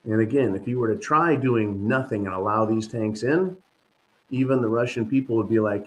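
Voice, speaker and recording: A man hosting a commentary channel, talking in an animated, sarcastic monologue to his viewers. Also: lowish voice, normal speed, a little hiss or hum, low-quality recording. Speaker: host. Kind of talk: opinionated monologue.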